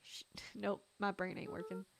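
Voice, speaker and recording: A woman's voice: mid-range voice, level tone, moderate pace, creaky, a bit bright. A woman streamer giving casual, joking gameplay commentary, swearing now and then.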